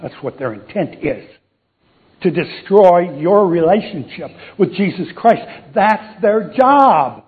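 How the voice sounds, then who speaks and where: A man's voice: sits high, sing-song, takes it slowly. A man preaching a casual sermon, telling a Bible story, acting out the voices and joking with the audience. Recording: tinny phone-like sound.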